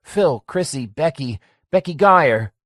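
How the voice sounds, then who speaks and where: A man's voice: lively intonation, slow, a bit bright, dry recording, studio quality. A man voicing a haunted, desperate young man who pleads and sobs in a story reading. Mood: pleading. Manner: pleading, shrill, sobbing.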